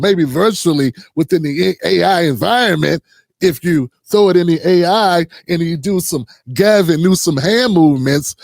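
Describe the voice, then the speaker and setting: A man's voice: high voice, a little mellow, dry recording, clean studio sound. A man hosting casual political reaction commentary, mocking and slangy, sometimes putting on voices.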